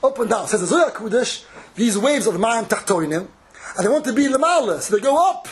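A man's voice: high-pitched, expressive, fast talker. A man giving a Hasidic Torah sermon, chanting verses in a sing-song and repeating his phrases. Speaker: rabbi giving a Torah talk.

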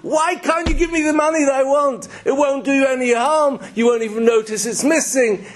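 Man doing a shouting desperate poor man. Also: very high-pitched, steady tone, fairly quick, voice pushed up. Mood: furious. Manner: shouting, pleading. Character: desperate angry poor man demanding money.

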